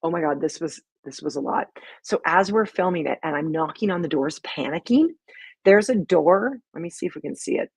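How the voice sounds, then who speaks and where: A woman's voice: low voice, lively intonation, a little fast, creaky, darkish tone, husky, dry recording. A middle-aged woman hosting a casual live stream about her sketch comedy, telling stories in a chatty, rambling way with lots of fillers. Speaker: sketch comedy creator and host.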